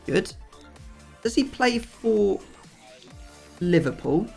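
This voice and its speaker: Gravelly-voiced man rambling through gameplay. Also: sits high, big pitch swings, very slow, a little mellow. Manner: chatty, rambling explanations with many fillers. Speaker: gaming video host. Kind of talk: casual gaming commentary. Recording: music playing faintly behind.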